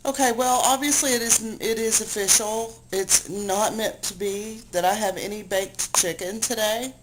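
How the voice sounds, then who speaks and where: A woman at home, worn out and low after a long cry, venting to a camera she aims at herself in a rambling, self-deprecating, exasperated way. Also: moderate pace, a little hiss or hum, rough recording. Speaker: video blogger. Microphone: handheld camera she aims at herself.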